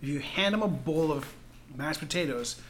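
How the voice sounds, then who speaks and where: Bright-voiced jokey man in his forties. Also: a little high, moderate pace, slight background noise. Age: 40s. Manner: rambling, jokey, laughs often. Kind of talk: casual chat. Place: at a dinner table with friends.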